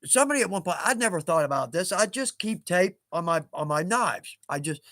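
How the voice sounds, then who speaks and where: A man in his fifties hosts a casual livestream, his voice sitting high for a man. He rambles through stories in a chatty, self-mocking way, chuckling often. The sound is close and dry. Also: lively intonation, a little fast, bright, forceful tone, no echo. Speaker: livestream host.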